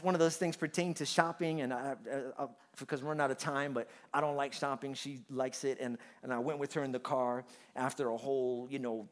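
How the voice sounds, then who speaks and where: A man preaching a sermon, moving from quiet, humorous storytelling to loud, rising preaching. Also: medium pitch. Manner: humorous, conversational asides. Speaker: pastor.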